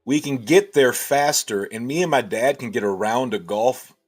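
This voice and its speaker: A man's voice: mid-range voice, normal speed. A man hosting a casual livestream, thinking aloud and answering chat with many restarts.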